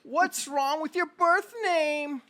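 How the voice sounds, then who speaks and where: A woman's voice: high voice, takes it slowly, fairly bright tone, slight background noise, voice pushed up. A woman voicing a bossy, nagging older mother who scolds and drops Yiddish words. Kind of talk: tabletop role-play voice.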